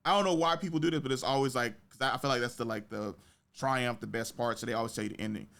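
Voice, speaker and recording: Animated, slangy male podcast host. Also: fast talker, creaky. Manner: animated storytelling, acts out quotes with big pitch jumps; slangy, swears freely. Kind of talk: casual chat.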